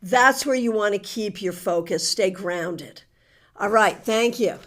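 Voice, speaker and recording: Medium in pitch and measured in pace, this New England woman is a tarot reader talking with her live audience. Her readings come with chatty, warm teasing and lots of laughter.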